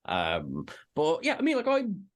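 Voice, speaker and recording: A man's voice: fairly high pitch, huge pitch swings, measured pace. A man co-hosting a casual fan discussion, rambling through self-deprecating asides. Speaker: co-host. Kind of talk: casual chat.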